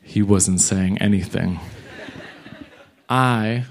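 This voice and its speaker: A man doing stand-up storytelling, animated and slangy, jumping in and out of character voices. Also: fairly low pitch, extremely slow, a little hiss or hum. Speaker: stand-up comedian.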